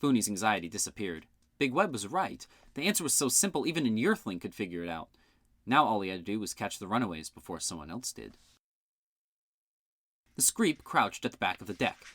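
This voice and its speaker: A man's voice: fairly quick, no echo. A man reading a fan-made audiobook, narrating expressively and switching into character voices. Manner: expressive, voices the characters with shouts and big pitch jumps.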